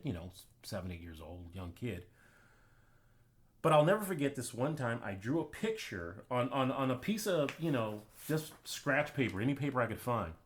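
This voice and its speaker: A man's voice: fairly low pitch, fairly bright tone. A man hosting his own channel, giving an emphatic, preachy commentary monologue and telling personal anecdotes. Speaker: channel host.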